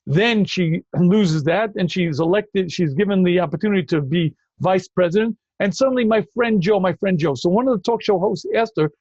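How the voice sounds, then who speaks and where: A man with a high-set voice hosts a call-in Q&A as a rabbi. He talks emphatically and keeps cutting in with repeated phrases. The audio is dry and dull. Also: moderate pace, few pauses, darkish tone, dry recording. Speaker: rabbi answering callers. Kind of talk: call-in Q&A talk.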